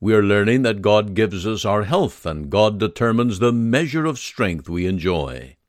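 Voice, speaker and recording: A man giving a scripted devotional message, reading scripture and leading a prayer in a slow, measured, solemn way. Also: on the low side, lively intonation, no echo, clean studio sound.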